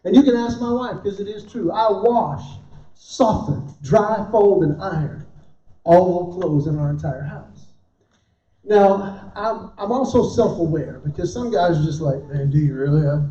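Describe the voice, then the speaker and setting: A male comedian tells animated stories to a live audience and plays out both sides of each conversation. His voice is high but mellow. He is picked up from a distance in an echoey hall, and the sound is dull and lo-fi. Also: measured pace. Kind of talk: stand-up comedy with a faith message. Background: audience laughter.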